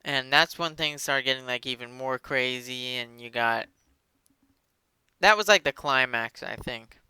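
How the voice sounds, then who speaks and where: A man's voice: medium pitch, measured pace, pushed and bright, clear, resonant tone, dry recording. A man hosting a casual podcast, chatting in a rambling, joking way. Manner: rambling, joking, full of fillers. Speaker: podcast host. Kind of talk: casual chat.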